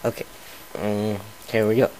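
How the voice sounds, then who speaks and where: A man reads a fan fiction story aloud casually, in a fairly low, mellow, level voice at an unhurried pace. He often stumbles, restarts and uses fillers, and the audio is poor with a little hiss or hum.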